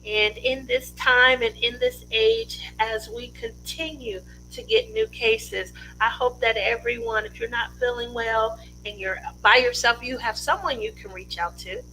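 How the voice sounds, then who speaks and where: A woman's voice: a little high, steady tone, measured pace, bright, forceful tone, a little hiss or hum, low-quality recording. A woman hosting a casual craft livestream from her home studio, chatty and rambling, laughing often.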